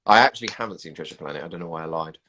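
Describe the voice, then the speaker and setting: A man's voice: deep voice, racing, pushed and bright, a little hiss or hum. A man, chatting casually on a livestream and answering viewer comments. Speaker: livestream host reading comments. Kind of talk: casual chat.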